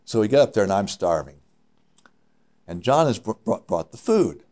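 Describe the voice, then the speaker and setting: Older male climber, deep-voiced, spins lively anecdotes with stop-start phrasing. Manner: animated storyteller with halting restarts. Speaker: interviewee, mountaineer. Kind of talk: reminiscing interview.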